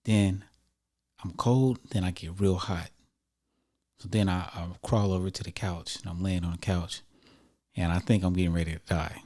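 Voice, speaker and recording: A man with a very low, mellow voice recounts a personal story for his vlog. He talks in a loose, slangy, conversational way. The delivery is laid-back storytime. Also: normal speed, pauses often. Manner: relaxed, conversational, slangy retelling. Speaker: vlogger telling a personal story. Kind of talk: casual storytime.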